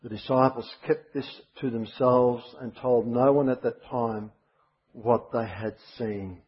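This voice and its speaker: A man's voice: mid-range voice, fairly even intonation, slow pace, slightly rough, muffled recording. A man preaching a sermon, emphatic and repeating his key phrases for weight.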